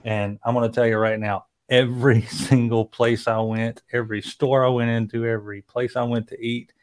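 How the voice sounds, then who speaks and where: A man with a Southern US accent, slow-talking and joking in casual podcast chat. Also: mid-range voice, level tone. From American South. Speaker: podcast co-host.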